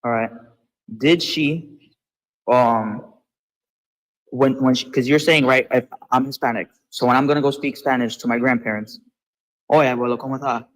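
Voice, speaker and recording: A man's voice: medium pitch, moderate pace, pauses often, low-quality recording. A man taking part in a live debate, speaking casually and offhandedly. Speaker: debate participant.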